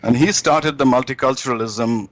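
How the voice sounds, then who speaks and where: A man's voice: mid-range voice, moderate pace, no room sound, rough recording. A man guest in an interview, telling jokes in a rambling way with many restarts.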